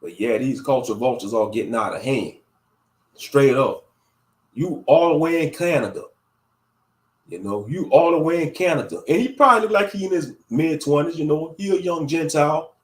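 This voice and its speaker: A man's voice: on the high side, lively intonation, moderate pace. A man delivering a blunt, heated commentary rant as a YouTube commentator. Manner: blunt, heated, repeats catchphrases. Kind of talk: ranting commentary.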